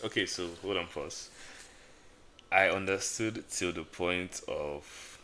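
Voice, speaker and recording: A young man from Africa co-hosting a casual podcast, asking questions as he slowly catches on. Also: low voice, sharp tone, a little hiss or hum. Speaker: podcast co-host.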